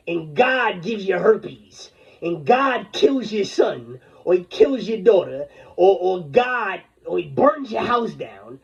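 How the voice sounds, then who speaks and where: A man's voice: high-pitched, husky. A man delivering an angry, rambling, confrontational rant full of profanity. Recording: dull lo-fi recording.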